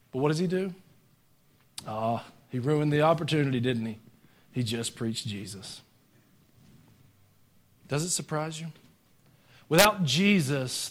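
In a church sanctuary, a pastor with a notably high voice preaches to the congregation as if chatting with a neighbor. He hits some lines loudly and emphatically, then drops into quiet, dry, joking asides.

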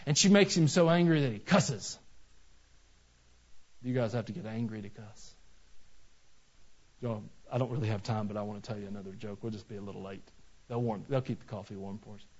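A man's voice: mid-range voice, a little fast. Conversational male pastor preaching. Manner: conversational, storytelling, swings loud to soft. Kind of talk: sermon. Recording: dull lo-fi recording.

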